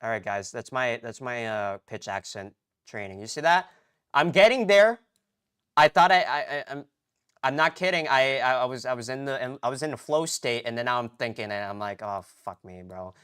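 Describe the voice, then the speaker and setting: A man's voice: medium pitch, fairly quick, fairly bright tone, clean tone, dry recording, clean studio sound. A young man streaming his Japanese practice, chatting casually to himself, stammering and rambling as he second-guesses himself. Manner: stammering, rambling, self-deprecating. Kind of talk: casual self-talk while practicing.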